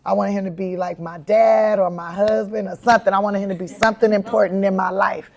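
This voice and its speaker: Animated woman telling stories with laughter. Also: mid-range voice, fairly quick. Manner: animated, acts out her own quotes with bursts of laughter. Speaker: comedian and actress, interview guest. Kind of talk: candid storytelling in an interview.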